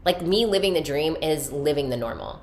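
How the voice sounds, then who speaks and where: A young woman hosting a podcast in a casual, animated style, swearing freely and using many fillers. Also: low voice, a little fast. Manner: animated, chatty, profane, filler-heavy. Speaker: podcast host. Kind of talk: casual spiritual podcast chat.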